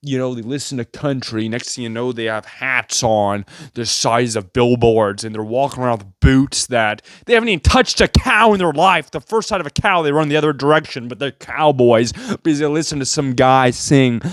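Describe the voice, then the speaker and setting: A man's voice: normal speed, hardly any pauses, no room sound, clean studio sound. A man delivering a sarcastic, rambling comedic rant to his viewers. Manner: sarcastic, rambling, jumpy pitch. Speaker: vlogger.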